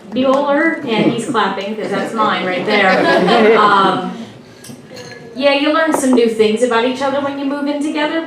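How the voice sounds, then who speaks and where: A woman doing a stand-up comedy routine on a club stage, with playful, teasing audience banter. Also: fairly high pitch. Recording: echoey club from far, with audience. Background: audience laughter.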